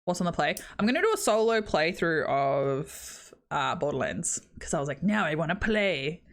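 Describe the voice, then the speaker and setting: A woman's voice: low-pitched, sing-song, normal speed. A young Australian woman streaming, chatting casually with her viewers in a self-deprecating way and laughing often.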